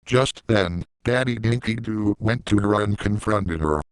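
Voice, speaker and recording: A man's voice: fairly low pitch, unhurried, clean tone, no echo, poor audio. A man reading a fan story aloud in a plain way, adding his own side comments. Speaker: story reader.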